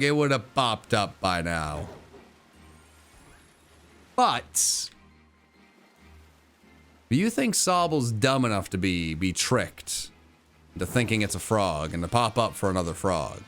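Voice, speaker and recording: A man's voice: lowish voice, sing-song, takes it slowly, long pauses, fairly bright tone, soft background music. A man streaming a video game, playful and theatrical, talking to his chat. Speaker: gaming streamer. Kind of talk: live stream commentary and chat reading.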